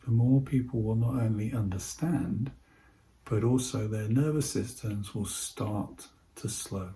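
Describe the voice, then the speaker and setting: A man giving an instructional talk on voice techniques, speaking in a calm, measured way and slowing his speech with deliberate pauses. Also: fairly low pitch, creaky. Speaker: presenter teaching voice techniques to healthcare staff.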